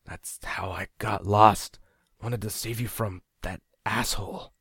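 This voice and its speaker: A man's voice: lowish voice, slow pace, fairly bright tone, husky, no echo, studio quality, voice pushed up, heavily acted. A man voicing a wounded, treacherous man who slurs his words in a half-whisper, in an audiobook. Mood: groggy slurring.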